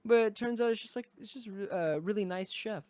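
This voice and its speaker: A man chatting casually on a podcast, retelling stories with lively acted-out quotes. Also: high-pitched, fairly quick, no echo. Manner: animated storyteller, acts out quotes. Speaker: podcast cast member. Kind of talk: casual chat.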